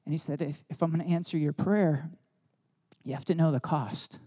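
A man preaches through personal stories in a loose, rambling way, leaning on "like" as he goes. His voice sits a little high but sounds mellow and warm. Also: fairly even intonation, normal speed, breathy edge. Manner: casual, rambling, many "like" fillers. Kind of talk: sermon storytelling.

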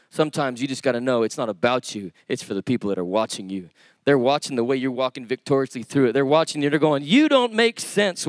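Preacher, male, high and passionate, storyteller, dry close sound. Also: no echo. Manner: impassioned, storytelling with quoted dialogue. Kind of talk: sermon.

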